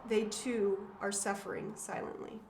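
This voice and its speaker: A woman's voice: medium pitch, flat delivery, measured pace, a little mellow. A woman in her thirties, the author and host, talking casually and reading passages from her own book in an earnest, emotional way with frequent fillers and restarts. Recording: roomy echo, faint background noise.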